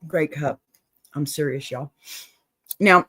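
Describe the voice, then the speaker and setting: A woman's voice: lowish voice, expressive, unhurried, no echo. A woman hosting an advice show, reading a listener's letter aloud with playful drama and laughing asides.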